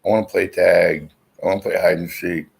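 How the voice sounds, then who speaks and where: A man's voice: sits low, fairly even intonation, fairly quick, creaky, breathy edge, rough recording. A middle-aged man chatting casually to his viewers from his armchair through a laptop mic, rambling and blunt, with frequent swearing. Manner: rambling, profane, blunt storyteller. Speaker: vlogger. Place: at home, seated in an armchair. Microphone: laptop built-in mic.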